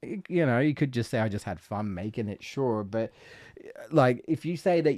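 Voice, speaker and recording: A man's voice: mid-range voice, lively intonation, moderate pace, a little mellow. A man streaming a video game, rambling about content creation with frequent restarts and swearing. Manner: rambling, self-deprecating, swears, many restarts. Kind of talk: casual let's-play commentary.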